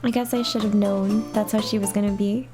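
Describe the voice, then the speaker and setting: A young adult woman gaming streamer giving chatty let's play commentary, talking softly to herself with excited squeals. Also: medium pitch, brisk, music in the background.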